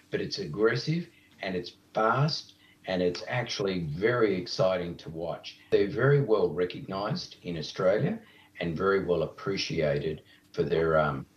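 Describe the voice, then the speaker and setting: A man, a company executive, giving a measured, upbeat recorded message. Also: low voice. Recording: dull, roomy sound from a distant mic.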